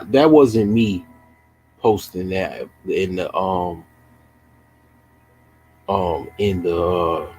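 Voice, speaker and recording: A man who streams chess and mocks a viewer, asking drawn-out questions in a teasing way. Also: low-pitched, a little hiss or hum, poor audio. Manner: mocking, taunting, drawn-out questions. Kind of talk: casual livestream chat.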